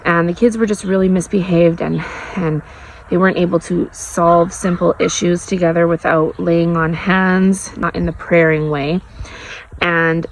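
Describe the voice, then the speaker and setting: Thirties mom talking faith stuff on a trampoline outside, candid and earnest, kinda low voice, faint outdoor sound. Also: female voice, flat delivery, unhurried, slight background noise, rough recording. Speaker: mother sharing faith testimony. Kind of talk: casual personal testimony vlog. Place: outdoors, sitting on a trampoline in a yard.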